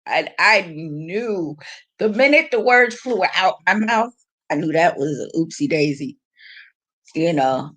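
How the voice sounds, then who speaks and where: A woman vlogging casual family stories, laughing often and tripping over restarts. Her pitch swings widely and keeps the talk lively. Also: unhurried. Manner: animated, laughing, frank and rambling with restarts. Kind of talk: casual storytelling.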